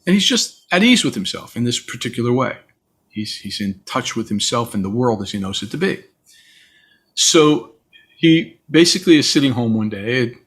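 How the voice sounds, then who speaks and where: Man, husky, middle pitch, reflective interview guest, storytelling. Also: very animated, moderate pace, a bit bright. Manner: storytelling, acts out quoted voices. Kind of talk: reflective conversation.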